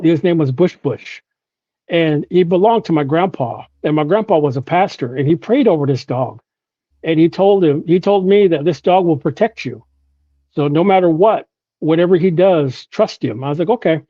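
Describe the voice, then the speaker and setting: Guest from Oklahoma telling a story. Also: male voice, a little high, warm tone, dry recording, muffled recording. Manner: storytelling with frequent "you know" and restarts. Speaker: podcast guest.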